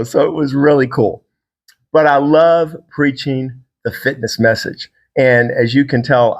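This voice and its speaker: A man's voice: fairly high pitch, a bit bright. A man from Virginia, a fitness trainer and podcast host, talking to the camera in a casual, rambling, enthusiastic solo monologue.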